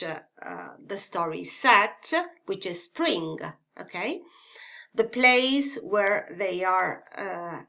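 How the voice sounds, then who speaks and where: A woman with an Italian accent, teaching a revision lesson slowly and carefully, with many pauses, fillers and "okay?" checks. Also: mid-range voice, pushed and bright. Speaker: English literature teacher.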